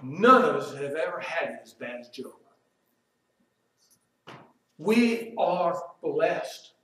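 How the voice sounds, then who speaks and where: A man preaching a sermon, turning loud and emphatic as he quotes, then dropping quiet and slow to reflect. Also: a little high, sing-song. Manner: emphatic, rises loud when quoting Job, drops quiet and slow to reflect. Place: church sanctuary. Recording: very echoey room, voice from far off.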